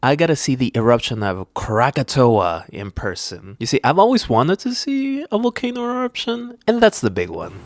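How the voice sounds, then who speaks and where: A man's voice: medium pitch, sing-song, moderate pace, few pauses. A man co-hosting a podcast in casual chat, joking and laughing often. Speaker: podcast co-host.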